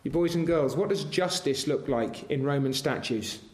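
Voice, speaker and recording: A man's voice: fairly high pitch, normal speed. A man preaching a sermon, earnest and asking his congregation rhetorical questions. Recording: roomy echoing hall.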